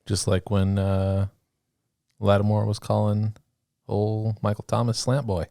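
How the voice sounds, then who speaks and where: A man with a very deep, mellow voice co-hosting a casual podcast. He throws in dry, wisecracking asides, and the recording is close and dry with no room sound. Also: flat delivery, measured pace, creaky, no room sound. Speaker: podcast co-host. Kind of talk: casual chat.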